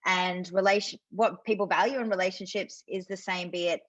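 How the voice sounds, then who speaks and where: A woman's voice: lowish voice, fairly even intonation, fairly bright tone, no room sound. British woman explaining on a video call. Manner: enthusiastic, explanatory, quick asides. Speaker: sales coach guest. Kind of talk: webinar conversation. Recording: dull lo-fi video call audio.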